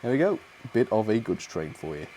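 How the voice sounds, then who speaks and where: Chatty man, lowish voice. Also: big pitch swings, brisk, background noise. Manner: chatty, cheerful, frequent fillers and small laughs. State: a bit out of breath. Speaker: host of a model railway live stream. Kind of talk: live stream chat, thanking viewers.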